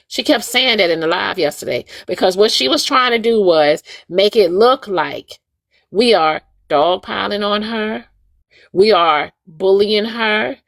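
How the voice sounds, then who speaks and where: Woman host on a live chat, mid pitch, dry sound, keeps hammering her point to y'all. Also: unhurried, creaky, no echo. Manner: emphatic, repetitive, addresses listeners as "y'all". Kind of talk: casual live chat, talking to listeners.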